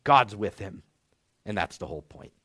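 A young man preaching a sermon, teaching the text in a measured, clear way with rising and falling inflection. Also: on the low side, expressive, fairly bright tone, no echo, studio quality.

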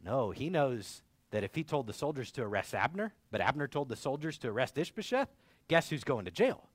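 A man preaching a sermon in an animated way, acting out the dialogue of biblical figures in different voices. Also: medium pitch, a little fast, breathy edge, no room sound. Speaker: pastor.

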